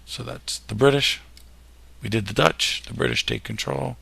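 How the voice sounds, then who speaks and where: A man's voice: medium pitch, moderate pace, gravelly, pushed and bright, husky. A man teaching history in a recorded lecture over slides, with jokey, self-deprecating asides.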